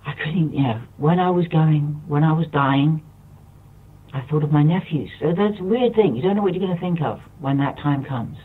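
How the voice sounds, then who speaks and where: A man's voice: on the high side, normal speed, breathy edge. A man from the United Kingdom speaks as a radio show guest, close to tears, rambling and impassioned, repeating himself. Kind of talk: impassioned monologue. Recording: distant tinny phone line.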